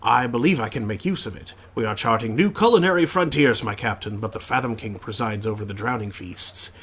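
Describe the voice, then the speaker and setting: A man's voice: mid-range voice, brisk, a bit bright, slightly rough. A man voicing an eager, bandaged male ship's chef, reading his lines from a game with earnest grandeur. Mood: grandly earnest. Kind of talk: game text read aloud.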